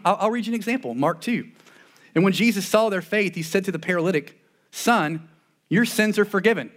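Male pastor, high voice, earnest conversational sermon delivery with frequent restarts. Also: brisk, fairly bright tone.

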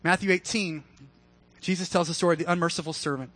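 Bright-voiced casual male preacher. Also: on the high side, steady tone, quick pace, poor audio. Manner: casual, conversational preaching with humor. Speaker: pastor. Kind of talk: sermon.

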